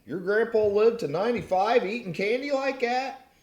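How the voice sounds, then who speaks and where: A man's voice: high voice, lively intonation, moderate pace, darkish tone, dull audio, pitched above the performer's own voice. Folksy old porch-sitter, as a man puts him on. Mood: cautioning. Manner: folksy, cautioning. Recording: roomy echo.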